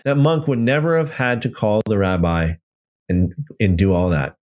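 A man's voice: lowish voice, fairly even intonation, normal speed, darkish tone. A man hosting a livestream, telling a story loosely with many restarts and then reading out viewer comments. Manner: reads out and answers live chat comments. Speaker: livestream host. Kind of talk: casual livestream teaching.

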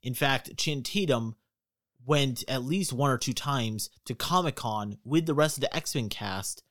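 A man's voice: mid-range voice, measured pace, fairly bright tone, no echo, studio quality. A man co-hosting a casual podcast, relaying facts and reading quotes aloud. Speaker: podcast co-host.

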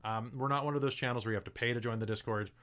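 A man's voice: medium pitch, steady tone, racing, a bit bright. Casual male game master wrapping up a stream, loose, jokey, rambling. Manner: chatty, loose and joking.

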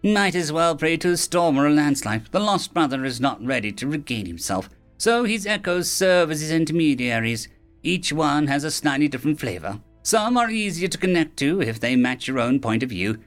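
A man's voice: fairly high pitch, expressive, moderate pace, soft background music, natural voice. A man voicing a mercurial ancient female fairy who swings from bubbly to snappish. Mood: airy. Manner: bubbly then snappish, theatrical.

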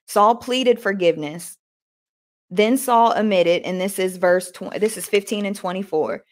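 Female podcast host, mid-pitched voice, devotional reading with self-corrections and plain-spoken commentary. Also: measured pace. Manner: reads aloud with frequent restarts and self-corrections; retells scripture scenes in plain everyday words.

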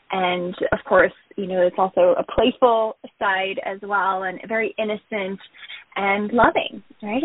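Upbeat female coach guest, mid pitch, a touch breathy, dry phone-like audio. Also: no echo. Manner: bubbly, warm and upbeat. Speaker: guest, trauma counselor and coach. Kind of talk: interview answers. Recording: tinny phone-like sound.

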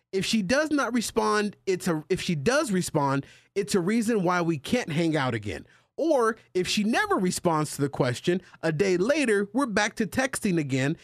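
A male podcast host in casual chat, animated and joking with his co-hosts as he reads out a listener letter. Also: sits high, no echo, studio quality. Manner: animated, jokey banter with co-hosts.

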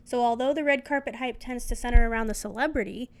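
A woman's voice: fairly high pitch, fast talker. A young woman co-hosting a casual chat, reading notes aloud and then riffing on them with giggles. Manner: chatty, giggly, reads aloud then riffs. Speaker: podcast co-host.

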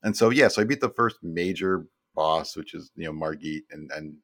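A man's voice: very deep voice, moderate pace, a bit bright, no echo, studio quality. A man in his fifties, a podcast guest telling stories in a rambling, casual way and often repeating words as he starts a sentence. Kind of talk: casual storytelling chat.

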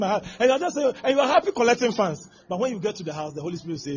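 Animated high-voiced male preacher. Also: very fast. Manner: animated, acts out scenes with exclamations and laughter. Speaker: pastor. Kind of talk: sermon. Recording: dull lo-fi sound with faint background noise.

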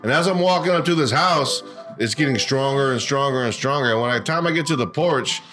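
A man's voice: medium pitch, fairly quick, faint music behind. A man co-hosting a podcast, telling crude work stories in a casual, profane way and acting out what people said. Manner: profane, animated storyteller acting out quotes. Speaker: podcast co-host. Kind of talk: casual storytelling chat.

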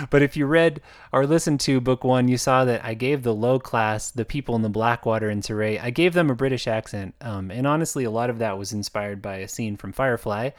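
A man speaks in a loose, conversational monologue, circling back with "um"s and restarts as he thinks aloud. His voice sits at an ordinary middle pitch, and the recording is close and dry with almost no room sound. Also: no echo. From United States. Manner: rambling and conversational, with frequent fillers and restarts. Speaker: author narrating his own audiobooks. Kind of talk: casual spoken monologue.

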